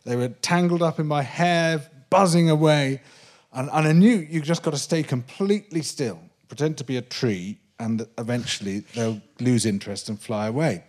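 A man, a guest on a live interview show on a theatre stage, telling an animated anecdote with many restarts and laughs. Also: medium pitch, normal speed. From Britain. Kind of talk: live comedy-podcast interview, storytelling.

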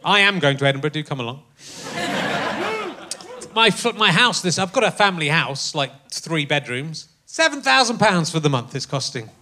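A man's voice: on the high side, big pitch swings, normal speed, sharp tone. A middle-aged man hosting a live comedy podcast on stage, wry and teasing, laughing often. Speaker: podcast host. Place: theatre stage before a live audience.

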